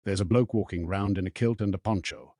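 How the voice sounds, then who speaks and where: A man's voice: low voice, a little fast, warm tone, no echo, clean studio sound. A man voicing a wary, middle-aged campsite keeper with blunt, questioning speech in an audiobook reading.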